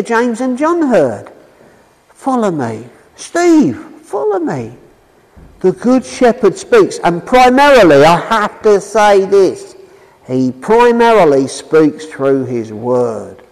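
A man preaching a sermon and telling his own story, emphatic, swinging from loud calls to low drawn-out words. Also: long reverb tail, rough recording. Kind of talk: street preaching sermon with personal testimony.

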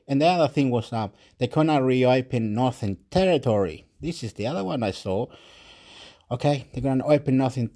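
A man's voice: mid-range voice, a little mellow. A man ranting in an agitated monologue, swearing and repeating himself.

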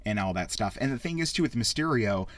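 A man hosting a casual spoken film review, rambling and excitable, with frequent swearing. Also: medium pitch, fast talker, no room sound. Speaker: podcast host reviewing a film.

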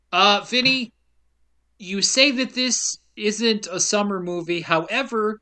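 A man hosting a casual podcast, lively and laughing often. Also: high-pitched, takes it slowly. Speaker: podcast host. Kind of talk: casual chat.

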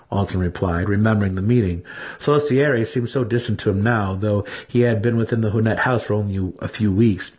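A man narrating a fantasy novel as a dramatic audiobook reading, steady and measured. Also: on the low side, echoey room.

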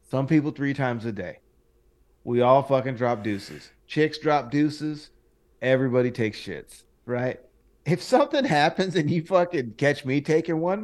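A man's voice: on the high side, a little mellow. A man co-hosting a podcast, talking bluntly and profanely in casual chat. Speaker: podcast co-host.

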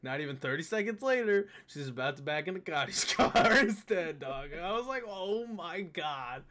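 Lively high-voiced young man telling stories. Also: brisk, over a noisy crowd. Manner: animated storyteller, shrieking impressions of friends, lots of laughter. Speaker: podcast host. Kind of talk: casual chat.

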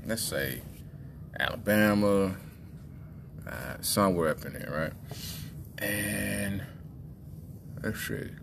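Low-voiced exasperated male podcast host. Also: slow pace, vocal fry, long pauses, background noise. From Midwest US. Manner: animated, exasperated, addresses listeners as y'all. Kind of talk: casual comedic commentary.

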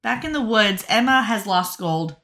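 A woman co-hosting a podcast, casually recapping a TV episode and acting out the characters' lines. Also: medium pitch. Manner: lively, acts out characters' lines in quick voices. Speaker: podcast co-host recapping a TV show. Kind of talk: casual chat, recapping with acted quotes.

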